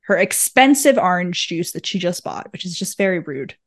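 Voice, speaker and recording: A woman's voice: fairly low pitch, lively intonation, moderate pace. A woman co-hosting a podcast, animatedly recapping a book and swearing freely as she acts out the quotes. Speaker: podcast co-host. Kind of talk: casual chat, book recap.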